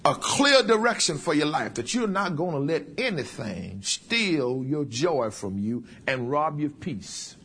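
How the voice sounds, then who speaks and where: Folksy preaching man, somewhat high voice. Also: big pitch swings, a little slow, few pauses, fairly bright tone, breathy edge. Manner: humorous, folksy preaching with acted asides. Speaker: pastor. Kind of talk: sermon.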